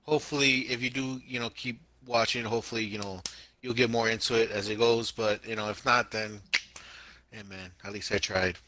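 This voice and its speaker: A man co-hosting a casual podcast chat, talking in an animated, emphatic way and repeating himself for effect. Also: lowish voice, brisk, no echo. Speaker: podcast co-host.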